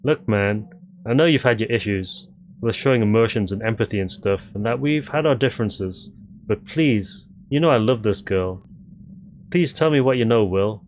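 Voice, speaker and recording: A man's voice: fairly low pitch, moderate pace, a little hiss or hum, close to an everyday voice. A man voicing an aggressive young bully who swears and threatens while looking for his missing girlfriend. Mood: pleading.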